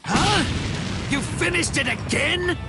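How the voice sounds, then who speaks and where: A man's voice: a little high, sing-song, slow, over music, full character voice. An actor playing a cocky, easygoing young male swordsman in a video game, teasing his friend.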